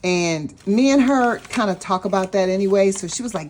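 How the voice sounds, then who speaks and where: A woman vlogging about her budget, telling a personal story in a chatty, animated way and talking straight to her viewers. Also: medium pitch, moderate pace, a little hiss or hum. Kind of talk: casual storytelling vlog.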